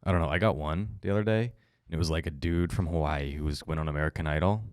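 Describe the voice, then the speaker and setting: A man's voice: a bass voice, fast talker, smooth, dry recording, clean studio sound. A young man co-hosting a casual podcast, enthusiastic and swearing freely. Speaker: podcast co-host. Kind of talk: casual chat.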